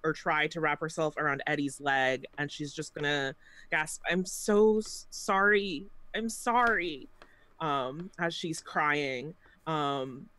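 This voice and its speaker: A woman with a low yet bright, forward voice describes her character's turn in a tabletop game, chatty and laughing often. The sound is dry and close. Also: no echo. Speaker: player. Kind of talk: casual tabletop play.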